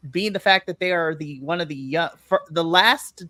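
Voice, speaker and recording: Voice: mid-range voice, normal speed, few pauses, pushed and bright, no room sound. A podcast co-host giving a casual recap, chatty, laughing often and acting out their own reactions. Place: remote live stream.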